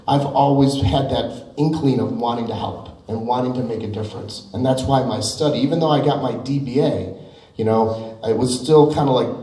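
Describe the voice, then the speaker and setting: A man's voice: medium pitch, warm tone. A middle-aged man giving a keynote speech, chatty and self-deprecating, telling stories with lots of asides. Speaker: keynote speaker. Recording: echoey hall, mic at a distance.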